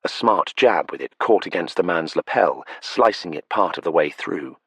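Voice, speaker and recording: Deep husky male narrator. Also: no room sound. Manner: steady, measured storytelling. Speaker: audiobook narrator. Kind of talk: scripted narration. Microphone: close studio mic. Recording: dry close studio sound.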